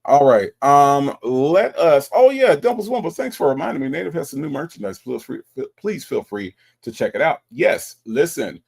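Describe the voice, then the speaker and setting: A man's voice: a little high, sing-song, gravelly, a little mellow, breathy edge. Guy streaming, calling someone out, repeats himself, takes his time. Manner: confrontational, drawn-out, repetitive. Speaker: livestream host. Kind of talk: commentary on call recordings.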